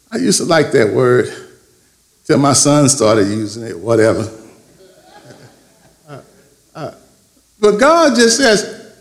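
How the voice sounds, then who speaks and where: A male pastor delivers a sermon with a high-pitched voice. He leans on call-and-response and slows down to stretch out the words he wants to land. The recording rings with the echo of a church sanctuary. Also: a bit bright. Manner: preaching with call-and-response, drawn-out emphasis.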